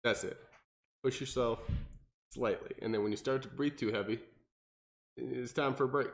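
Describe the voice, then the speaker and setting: A man's voice: moderate pace, vocal fry. A young man, a personal trainer, explaining workouts in casual podcast chat and acting out clients in mocking voices. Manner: animated, acts out clients with high mocking voices.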